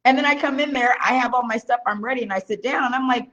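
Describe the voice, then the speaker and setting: A woman business owner chatting casually on camera beside her husband, a blunt and lively storyteller. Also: a little high, fast talker, few pauses. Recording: dull lo-fi sound.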